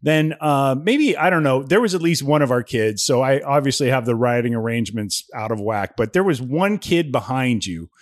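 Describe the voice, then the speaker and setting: Animated man telling a travel mishap story. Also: medium pitch, moderate pace, hardly any pauses, no room sound, studio quality. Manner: animated storyteller, acts out others' lines. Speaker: podcast co-host. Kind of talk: casual storytelling chat.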